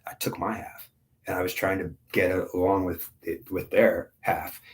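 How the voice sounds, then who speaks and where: Man, 50s, low voice, spiritual reader, intense and repetitive with halting restarts. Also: little pitch movement. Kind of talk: spiritual monologue.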